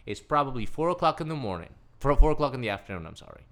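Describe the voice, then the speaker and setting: A man being interviewed as a guest, telling a personal story in an excitable way and acting out the dialogue he quotes. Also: mid-range voice, very fast.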